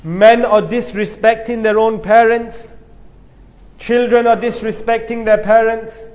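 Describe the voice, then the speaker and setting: A man's voice: extremely high pitch, little pitch movement, measured pace, a little mellow. A man preaching a sermon, telling a story with rising emphasis. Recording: long hall reverb.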